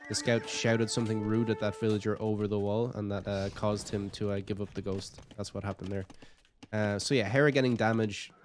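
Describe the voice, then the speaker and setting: Low-voiced man casting a strategy game. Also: steady tone, brisk, slight background noise. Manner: chatty, thinking aloud, light jokes. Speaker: game caster. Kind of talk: casual video game commentary.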